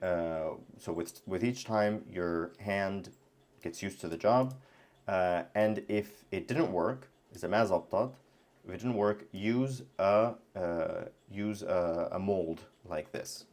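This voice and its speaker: This Arabic teacher has a deep, darkish voice and a measured pace. Seated at his computer for a language lesson, he talks casually and thinks out loud, full of fillers and restarts.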